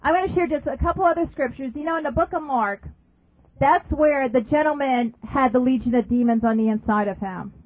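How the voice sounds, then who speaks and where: A woman's voice: high voice, a little fast, dry recording. A woman preaching a sermon emphatically, repeating phrases and asking her listeners questions. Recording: dry, phone-like narrow sound.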